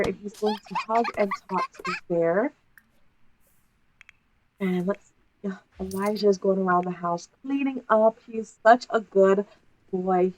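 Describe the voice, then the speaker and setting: A woman's voice: mid-range voice, dull audio. A woman giving casual, chatty narration of a life-sim game, with a playful, giggly storytelling manner. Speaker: gameplay narrator.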